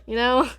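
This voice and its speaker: A woman co-hosting a casual book podcast from her basement, chatty and giggly, quick to get teary. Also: extremely high pitch, no room sound, clean studio sound. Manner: giggly, chatty, easily moved to tears. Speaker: podcast co-host. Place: home basement.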